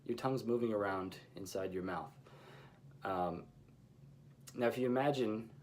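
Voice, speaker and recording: A man teaching a language lesson, explaining pronunciation in a measured, patient way with pauses between phrases. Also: on the low side, a little hiss or hum.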